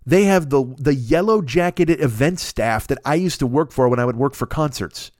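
A man hosting a podcast, telling a long comic anecdote in a casual, profane, animated way into a close mic. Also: medium pitch, normal speed, no echo. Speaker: podcast host. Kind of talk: casual comedic storytelling.

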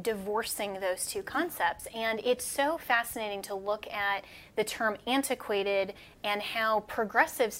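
A woman hosting an interview who asks questions in a measured way, with frequent fillers. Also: mid-range voice, fairly bright tone. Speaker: host.

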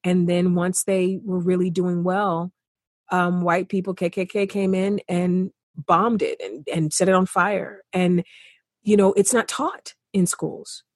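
A passionate woman speaking earnestly in a podcast chat. Her voice sits low and husky, and she presses her points by repeating them. The sound is dry and close. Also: fairly even intonation, a little slow, dry recording. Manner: passionate, emphatic, repeats for stress. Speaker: podcast guest. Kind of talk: earnest conversation.

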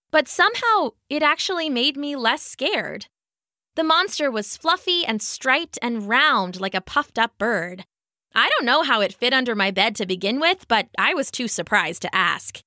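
A woman gently narrating a children's bedtime story with expressive delivery. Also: a little high, dry recording, clean studio sound.

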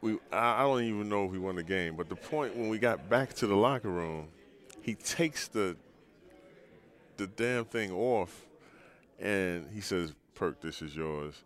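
Deep-voiced older man telling stories. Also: a little slow. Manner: relaxed, rambling, frequent restarts and laughs. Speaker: former pro basketball player, guest. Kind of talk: storytelling in a podcast interview.

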